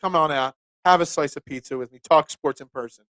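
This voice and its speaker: A man who hosts a casual sports talk show and rambles through animated stories. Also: a little high, fairly quick, dry recording. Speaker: sports podcast host and pizza shop owner.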